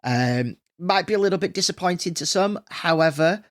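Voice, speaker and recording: A man's voice: sits high, lively intonation, moderate pace. A man hosting a solo podcast, chatting casually and rambling with plenty of fillers and restarts. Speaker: podcast host.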